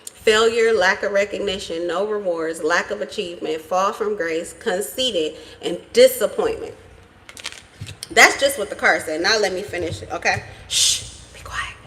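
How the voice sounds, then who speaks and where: A woman's voice: mid-range voice, normal speed, a bit bright. A woman giving a casual tarot reading for her vlog, blunt and profane, rambling as she talks. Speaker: tarot reader.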